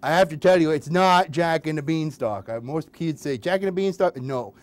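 A man's voice: a little high, moderate pace. A man performing as a children's puppeteer, telling nursery rhymes in a playful, sing-song way and chatting with his audience. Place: hospital closed-circuit TV studio.

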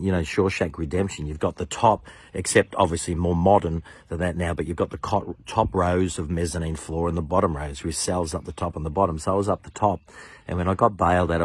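Very deep husky pastor. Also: male voice, dry recording. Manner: earnest, enthusiastic, acts out quoted voices. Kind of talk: personal testimony storytelling.

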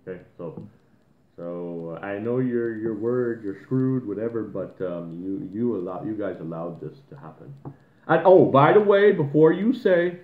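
A man's voice: mid-range voice, lively intonation, measured pace. Ranting man on a tinny echoey line. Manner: profane, heated ranting with mocking quoted voices. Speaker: podcast co-host. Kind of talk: ranting casual podcast talk.

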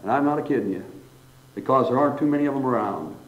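A man preaching a sermon as pastor, in a folksy, animated manner full of asides. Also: medium pitch, quick pace. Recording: dull lo-fi sermon recording.

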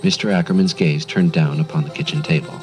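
A man narrating a storybook radio drama in a gentle, measured way. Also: very deep voice, fairly even intonation, over music, low-quality recording.

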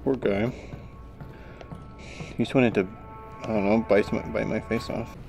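A man's voice: lowish voice, unhurried, gravelly, soft background music. Tired man muttering through a VR game. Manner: goofy, excitable outbursts and mutters. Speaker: gamer. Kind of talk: casual gameplay commentary. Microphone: VR headset.

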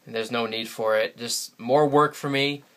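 Bright-voiced rambling New guy. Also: mid-range voice, fairly even intonation, moderate pace. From New England, USA. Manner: rambling, chatty, laughs often. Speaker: vlogger. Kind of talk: casual solo vlog. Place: sitting alone in front of a camera. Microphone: camera mic.

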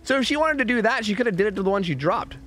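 A man's voice: high-pitched, lively intonation, racing, a bit bright. A man streaming a video game, chatting casually and rambling with lots of fillers and swearing. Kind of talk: casual gaming stream chat.

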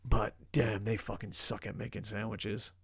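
A man's voice: fairly low pitch, little pitch movement, normal speed, gravelly, a bit bright, husky, dry recording, studio quality. A man from New Jersey co-hosting a casual wrestling review, swearing a lot, laughing often and talking emphatically. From United States, New Jersey. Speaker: podcast co-host. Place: lives in Japan.

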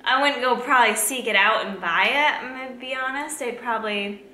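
A woman fitness vlogger chatting casually through a snack taste test, laughing often and filling pauses with "like" and "um". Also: fairly high pitch, sharp tone. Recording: echoey room, faint background hum.

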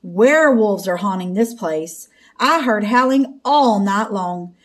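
A woman's voice: mid-range voice, animated, slow. A woman reading a storybook aloud and voicing a worried older woman in an earnest, fretful way. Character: worried old woman neighbor.

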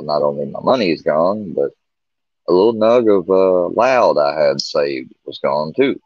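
Deep-voiced man telling a candid story. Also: dry recording. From Missouri. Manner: candid, rambling, with many restarts and quoted dialogue. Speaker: guest telling a personal story. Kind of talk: casual storytelling on a livestream. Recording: dull lo-fi stream audio.

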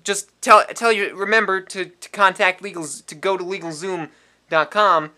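A man voicing a loud, pushy, shady hustler who dodges the law in an improvised parody ad, stammering and asking "okay?" over and over. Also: sits high, steady tone, normal speed. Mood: pushy, evasive.

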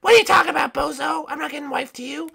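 A squeaky, tough princess from a breakfast kingdom, put on by a woman. She talks bluntly, full of slang, and her pitch sits far above the performer's own voice in a role-play game. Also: very fast, gravelly, fairly bright tone, exaggerated voice. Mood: sassy. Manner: blunt, slangy, calls people bozo.

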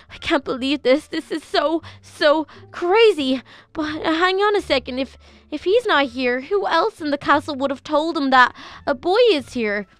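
A woman with a high, animated, somewhat bright voice speaks at a moderate pace, with no room sound in the recording. Hosting her channel, she narrates and voice-acts a Minecraft roleplay as her own character, talking to herself in anxious, rambling bursts full of fillers and restarts.

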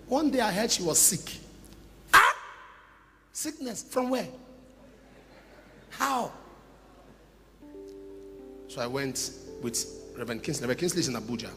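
A man preaching an animated, humorous storytelling sermon to a church congregation, now and then bursting into shouts. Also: on the high side. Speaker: pastor. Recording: reverberant church hall with music. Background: instrumental music.

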